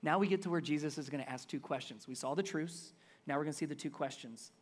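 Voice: mid-range voice, fast. Emphatic conversational pastor preaching. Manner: emphatic, conversational preaching that swings between loud stresses and soft asides. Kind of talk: sermon.

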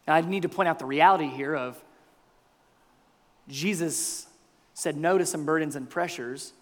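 A man preaching a sermon as pastor, swinging between loud bursts and near-whispers. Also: on the high side, normal speed, big-room sound. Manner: animated preaching with big swings in loudness, dropping to near-whispers.

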